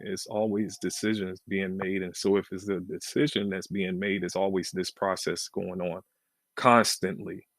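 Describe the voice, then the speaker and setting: A man's voice: lowish voice, no echo. A man teaching futures trading on a live question-and-answer stream, talking casually and repeating his phrases as he thinks aloud. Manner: casual, repeats and restarts phrases, emphatic swings in loudness. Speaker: trading educator.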